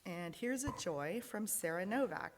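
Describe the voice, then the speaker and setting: In a large fellowship hall with big-room sound and a little hiss or hum, a woman leads the congregation as a lay worship leader, reading out joys and sorrows. She sounds animated and earnest, sometimes emotional, speaking at a measured pace with a medium-pitched voice.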